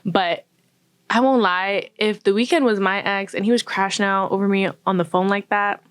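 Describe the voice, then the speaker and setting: Woman vlogger, casual film commentary, chatty and laughing, mid-pitched voice, dry close sound. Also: steady tone, normal speed, smooth, no echo. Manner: chatty, laughing, filler-heavy with acted-out quotes.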